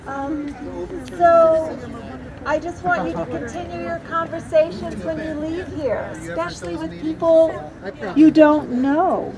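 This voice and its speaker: A woman leading an outdoor vigil, talking slowly and encouraging the crowd to speak. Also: very high-pitched, poor audio. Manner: slow, encouraging, prompting speakers. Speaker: vigil facilitator. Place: outdoor town square vigil. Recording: crowd and loud street noise outdoors.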